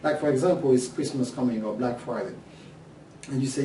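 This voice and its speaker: A French-accented man pitches his online course, animating each point and playing the voices of eager students. His tone is mellow and a touch dark. He sits back from the mic in an echoey room, with faint ambience behind him. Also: fairly quick, recorded from a distance, slight background noise. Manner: animated, acts out imagined questions from students. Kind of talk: course preview talk to camera.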